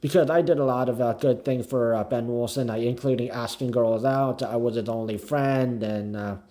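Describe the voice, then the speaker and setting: A man explaining himself haltingly in a clip, with constant fillers and restarts. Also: mid-range voice, fairly even intonation, mellow. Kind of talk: recorded video narration.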